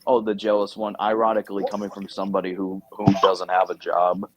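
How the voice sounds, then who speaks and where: Young male guest, fast comebacks, a bit low-pitched. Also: completely flat delivery, a crowd in the background, low-quality recording. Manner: defensive trash talk, rapid comebacks. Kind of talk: casual gaming stream chat.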